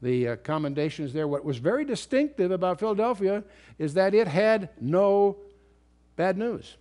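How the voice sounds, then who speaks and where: A man's voice: high-pitched, lively intonation, moderate pace, darkish tone. A man giving an unscripted Bible commentary lecture, reading old King James verses aloud and explaining them emphatically, with restarts and fillers. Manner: reads scripture aloud in King James wording. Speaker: Bible teacher. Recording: remastered lecture recording.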